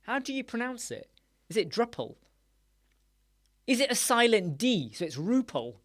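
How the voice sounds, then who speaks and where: A man's voice: extremely high pitch, sing-song, moderate pace, fairly bright tone. A man hosting a casual live-stream chat show, joking around, playing with words and laughing often as he answers viewers. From United Kingdom. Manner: jokey, playful, riffs on words and laughs often. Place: small dark room with soundproof panels.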